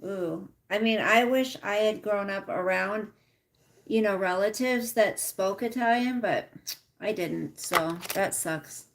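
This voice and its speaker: Brief middle-aged woman host, unhurried livestream chatter reading out viewer comments. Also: mid-range voice. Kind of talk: casual live chat with viewers.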